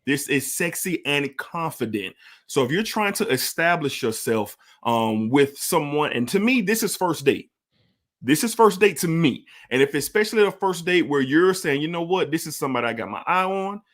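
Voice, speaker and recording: A man's voice: a little high, animated, moderate pace, a bit bright. A man giving a casual fragrance review, enthusiastic and emphatic, repeating his points for effect.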